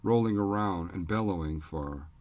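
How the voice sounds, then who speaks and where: A man narrating an audiobook in a measured, even storytelling manner on a close studio mic. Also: low voice. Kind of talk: scripted narration.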